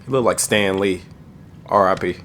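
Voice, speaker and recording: A man's voice: sits low, fairly even intonation, moderate pace, a bit bright, slight background noise. A young man streaming a video game, casually joking and laughing at the characters. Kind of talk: casual gameplay commentary.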